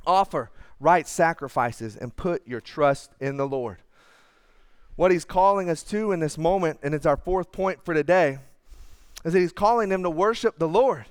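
A man preaches with a conversational, earnest warmth, at times falling into hushed asides. His voice sits high for a man and comes across smooth and clear. The sound is close and dry, with little room around it. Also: normal speed, dry recording. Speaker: pastor. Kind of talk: sermon.

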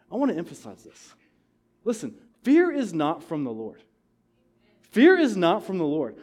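Man, pastor, preaching a sermon, high voice, impassioned, repeats phrases for emphasis. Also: big pitch swings, normal speed. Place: church sanctuary.

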